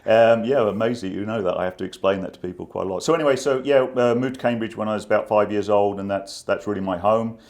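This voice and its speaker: A middle-aged man from England with an English accent touched by the American Midwest, a guest telling stories in a relaxed, self-deprecating way. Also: fairly low pitch, fast, hardly any pauses. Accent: English with some American Midwest. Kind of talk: casual interview chat.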